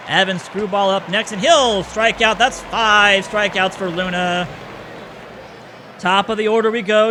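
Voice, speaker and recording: A man giving play-by-play commentary over a baseball video game, excitable on big plays and often correcting himself. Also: sits high, noisy background.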